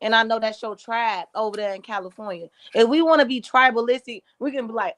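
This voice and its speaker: A woman's voice: a little high, brisk, few pauses. Blunt Chicago woman arguing hard. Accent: Chicago African American English. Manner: blunt and forceful, curses. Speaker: panelist. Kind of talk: heated debate.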